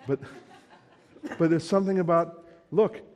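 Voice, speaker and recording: A man's voice: a little high, unhurried, darkish tone. Joking, conversational male pastor in echoing hall. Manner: conversational and joking, acting out everyday quotes. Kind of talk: sermon. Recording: long hall reverb.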